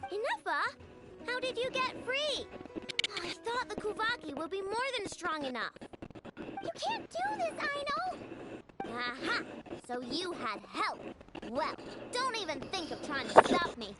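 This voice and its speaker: A woman's voice: very high-pitched, sing-song, a little slow, full character voice, rough recording. A woman voicing a spirited young girl who runs a robot workshop, talking in an earnest, emphatic way in video game dialogue. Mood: determined. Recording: game audio over loud music.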